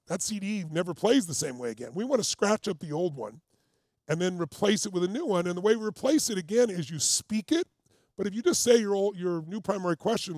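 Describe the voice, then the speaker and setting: A man's voice: sits high, no echo, studio quality. A man as a motivational coach, leading a live group exercise with urgent, commanding, repeated cues.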